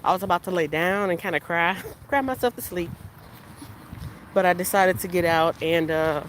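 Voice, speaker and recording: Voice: medium pitch, level tone, fairly quick, a bit bright. A frustrated, upset vlogger venting while walking beside a road, rambling and restarting sentences, with faint traffic behind. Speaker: vlogger and business interviewer. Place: outdoors beside a busy main road. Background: faint street traffic.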